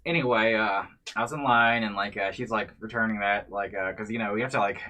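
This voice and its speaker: A man's voice: lowish voice, fairly even intonation, fairly quick, pushed and bright. A man co-hosting a casual chat, rambling and hesitant with many filler words. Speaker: co-host.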